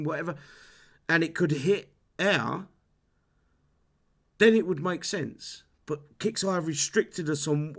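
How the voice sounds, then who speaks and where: A man hosting a live stream, ranting heatedly about a game with lots of swearing and restarts. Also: fairly high pitch. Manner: heated, sweary, repeats himself. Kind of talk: casual live-stream rant.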